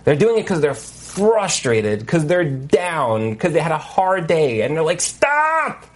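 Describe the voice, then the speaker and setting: Animated man telling stories in a lecture. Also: a little high, a little slow. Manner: animated storytelling with many fillers and asides. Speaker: marriage coach and Torah teacher. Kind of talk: lecture on a video call. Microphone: video call mic.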